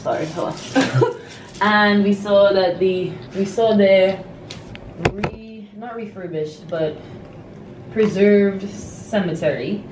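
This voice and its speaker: A woman's voice: medium pitch, slow pace, far from the mic. Young woman talking from off-mic. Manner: relaxed, hesitant, filler-heavy. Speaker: travel companion. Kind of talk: casual chat. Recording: roomy, off-mic, noisy.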